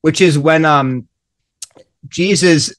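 A man, a guest author in a panel discussion, explaining with lively, acted-out quotes. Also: fairly high pitch, slow pace.

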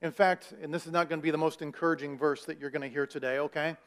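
A man's voice: on the high side, steady tone, fast talker, fairly bright tone. A male pastor preaching a sermon in a conversational way, raising his voice for emphasis and putting questions to the congregation.

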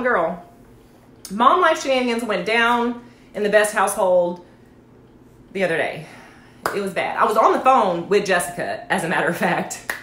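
A woman, chatting to livestream viewers and telling a story, with lots of animated asides. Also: mid-range voice. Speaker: network marketing livestream host. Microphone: phone or webcam livestream. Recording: echoey room.

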